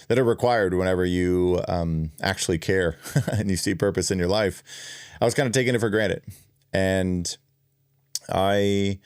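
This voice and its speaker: Deep gravelly man telling a personal story. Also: darkish tone, dry recording, clean studio sound. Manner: earnest, reflective, many fillers and restarts. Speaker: podcast host and keynote speaker.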